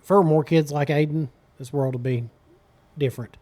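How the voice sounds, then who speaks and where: A man's voice: fairly high pitch, steady tone, a little fast, darkish tone. A man co-hosting a podcast, telling rambling, slangy stories in casual chat. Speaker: podcast co-host.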